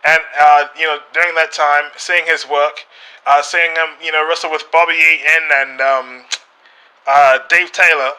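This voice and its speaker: A British man talking as a podcast guest, staying in character and speaking haltingly, with many fillers and restarts. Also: on the high side, little pitch movement, sharp tone, smooth, poor audio.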